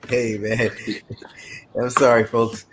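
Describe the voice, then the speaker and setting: A man's voice: medium pitch, little pitch movement, extremely slow, noisy background. A young man in casual chat, laid-back and rambling. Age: young adult.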